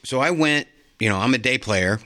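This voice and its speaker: Older man in his 60s, bright clear voice, dry close sound, lively anecdotes, quick self-mocking asides, casual podcast chat. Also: mid-range voice, no echo. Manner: animated storyteller, quick asides and self-mockery. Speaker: podcast co-host and part-time actor.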